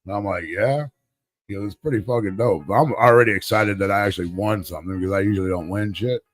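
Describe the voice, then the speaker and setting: A man co-hosting a live talk show, telling a rambling, profane, animated story about winning a raffle. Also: lowish voice, quick pace. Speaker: podcast co-host. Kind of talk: casual storytelling chat.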